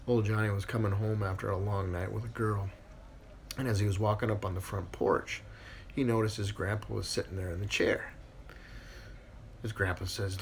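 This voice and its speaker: A man casually telling a string of jokes in a relaxed storytelling manner, with a few fillers. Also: on the low side, normal speed, vocal fry, long pauses, a little hiss or hum. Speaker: joke teller.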